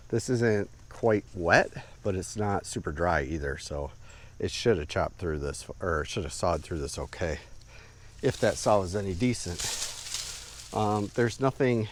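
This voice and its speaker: A man casually narrating an outdoor knife test, relaxed and rambling with lots of fillers, outdoors in the woods. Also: sits low. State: a bit out of breath. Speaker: outdoor gear reviewer.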